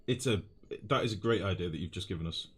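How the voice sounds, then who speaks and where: A deep, husky voice that talks fast comes from this young man from northwest England. He's live-streaming a game, voicing his thoughts as he goes and chatting casually with his audience, whom he calls mate.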